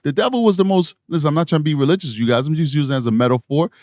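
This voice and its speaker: A man's voice: on the high side, racing, darkish tone, no room sound, studio quality. A man from New York City giving rambling true crime commentary on a live stream, tired from lack of sleep. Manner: rambling, conversational, frequent restarts.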